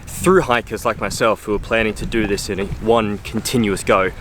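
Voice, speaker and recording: A man's voice: lowish voice, fairly even intonation, normal speed, a bit bright, a little hiss or hum. A man hiking and vlogging to a handheld camera outdoors on a coastal trail, chatty and upbeat, with frequent fillers. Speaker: hiker vlogger. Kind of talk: casual travel vlog.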